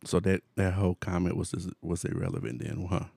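A man in his forties telling a story in casual chat, animated, laughing often, with slangy phrasing. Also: sits low, a little fast, gravelly, no room sound, clean studio sound. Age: 40s.

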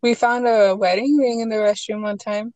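A young woman in casual chat, asking questions and sharing a work story, relaxed and quick to laugh. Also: fairly high pitch, no room sound, rough recording.

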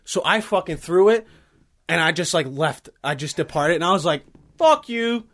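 A man's voice: fairly high pitch, normal speed, fairly bright tone. A man in his early twenties, from Bosnia, telling a heated, profane story in casual chat. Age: early 20s.

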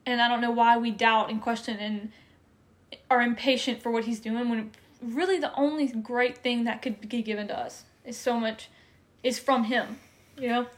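An earnest young woman talks through her faith in a loose, conversational way, full of fillers and feeling. Her voice sits a little high for a woman. She speaks openly, as if to friends. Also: fairly even intonation, moderate pace. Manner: earnest, emotional, many "like" fillers. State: tearful at times. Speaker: faith podcast co-host. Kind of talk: casual faith testimony.

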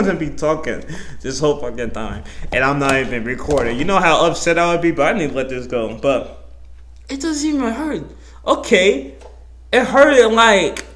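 A young man hosting his own podcast, talking in a rambling, profane, animated way, full of slang and self-interruptions. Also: fairly high pitch. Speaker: podcast host. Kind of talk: casual solo podcast monologue.

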